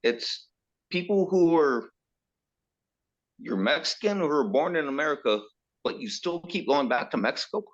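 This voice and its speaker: A man's voice: fairly high pitch, expressive, moderate pace, long pauses, highs cut off. A man from California, blunt and joking and swearing freely in a casual podcast chat. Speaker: podcast guest.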